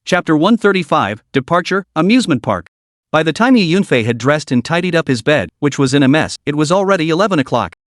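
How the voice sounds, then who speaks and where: A man's voice: a little high, very animated, quick pace, dry recording, studio quality. A man narrating a comic story recap in a scripted, storytelling way.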